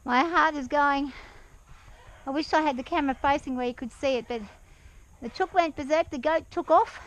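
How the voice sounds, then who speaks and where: A woman talking softly and calmly to her horse as she rides it outdoors around a farm yard, with an action camera worn while riding. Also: high-pitched, normal speed, poor audio. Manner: soft, soothing coaxing of a horse. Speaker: horse rider and farm owner. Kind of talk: riding vlog narration.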